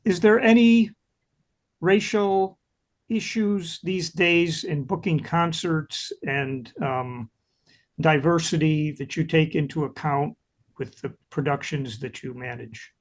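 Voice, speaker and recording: A man's voice: fairly high pitch, steady tone, slow pace. A man interviewing a guest over a video call, asking hesitant questions.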